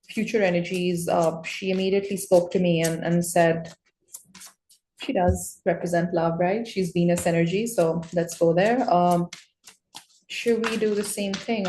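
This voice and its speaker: A woman doing a tarot reading for viewers, talking in an excitable way with gushing exclamations. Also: on the low side, slight background noise. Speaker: tarot reader. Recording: echoey room.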